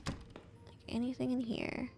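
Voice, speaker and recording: A young woman from the American Midwest chats loosely through a gaming stream at home. Her voice sits a little high, and she rambles, swears freely and laughs between thoughts. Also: flat delivery, measured pace, vocal fry, darkish tone, a little hiss or hum. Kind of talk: casual live-stream chat while gaming. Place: home, indoors.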